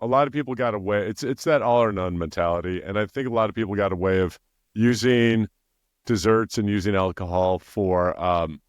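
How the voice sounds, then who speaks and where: Male podcast host, casual, lowish voice, affirming interjections. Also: brisk, no room sound, clean studio sound.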